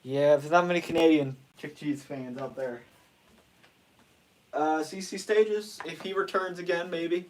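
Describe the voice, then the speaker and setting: A man's voice: a little high, a little slow. A man chatting casually as host, rambling and restarting his sentences often. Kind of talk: casual chat.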